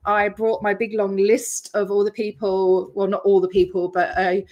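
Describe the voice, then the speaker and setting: A woman's voice: mid-range voice, completely flat delivery, normal speed, dull audio. Chatty Australian woman livestreaming. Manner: chatty, rambling, greets viewers by name. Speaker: YouTube channel host. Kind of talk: casual livestream chat.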